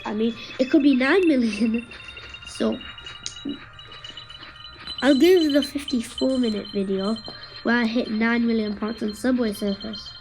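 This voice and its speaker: High-voiced, playful woman commentating a game. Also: poor audio. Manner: chatty, playful, trips over words. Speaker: gameplay commentator. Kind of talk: casual gameplay commentary.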